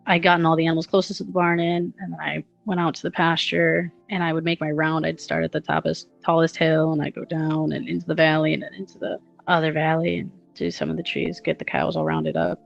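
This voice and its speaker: A woman's voice: low-pitched, level tone, fast, vocal fry, few pauses. A young woman telling a long personal story in a casual, rambling way, often giggling and using fillers. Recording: dull lo-fi audio with faint music.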